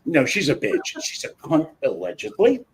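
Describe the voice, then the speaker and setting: On his informal livestream, a gravel-throated man tells a story at normal speed, plain-spoken and full of cursing. He grows animated, pitch rising and falling widely, while keeping things loose and conversational.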